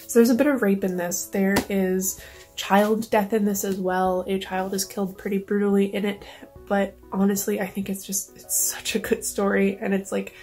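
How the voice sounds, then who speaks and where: A woman's voice: mid-range voice, flat delivery, normal speed, darkish tone, faint music behind. A woman vlogger talking casually and emotionally, close to tears, with many fillers. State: near tears. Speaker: book vlogger. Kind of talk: casual vlog talk.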